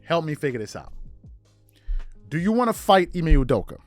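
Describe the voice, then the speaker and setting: A man's voice: fairly high pitch, sing-song, a little fast, no room sound, soft background music. A man hosting a podcast, riffing through incredulous rhetorical questions in casual commentary. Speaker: podcast host.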